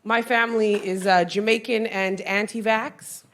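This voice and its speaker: Brash profane woman stand-up, gravelly. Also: medium pitch, fairly even intonation, unhurried, a bit bright. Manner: brash, profane, punchy delivery. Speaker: stand-up comedian. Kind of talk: stand-up comedy set. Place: comedy club stage. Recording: noisy live club recording.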